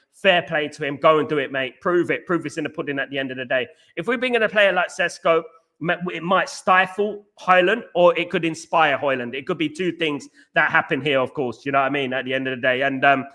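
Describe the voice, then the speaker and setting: A man hosts a casual livestream, answering his viewers in a loose, repetitive way full of fillers and false starts. His voice sits a bit high for a man and sounds bright and forceful, with a combative edge when he pushes back. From London. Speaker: host of a football fan livestream. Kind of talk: casual livestream chat reading viewer comments.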